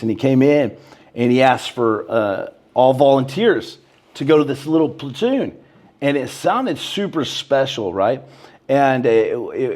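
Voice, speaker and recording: A man in his thirties, a podcast guest telling stories in a laid-back, casual way. He keeps saying "bro" and "man" and raises his voice to act out quotes. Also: medium pitch. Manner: animated, acts out quotes in a raised voice. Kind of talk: casual storytelling interview.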